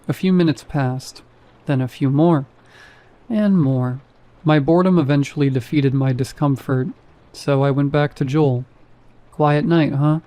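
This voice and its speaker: A man's voice: medium pitch, steady tone, measured pace, mellow. A man narrating a first-person horror story in a dry, wry manner.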